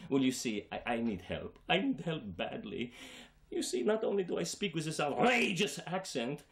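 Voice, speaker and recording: A man's voice: fairly high pitch, sing-song, very fast, gravelly, exaggerated voice. A man doing a flustered cop with an outrageous accent. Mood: pleading. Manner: hesitant, stammering, bursts into shouting. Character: bumbling retired cop with outrageous foreign accent. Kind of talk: comedic film scene acting.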